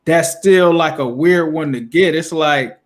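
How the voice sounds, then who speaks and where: A man hosting a casual live-stream chat, animated and leaning on "bro" as he talks. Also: a little high, measured pace. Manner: animated, says bro a lot. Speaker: host.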